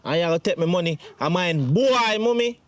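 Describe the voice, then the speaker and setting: A man's voice: sits high, expressive, normal speed, no echo. A man with a Jamaican accent, playing a grown son in a comedy skit who pleads with his mother about his money. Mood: reproachful. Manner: pleading, emotional.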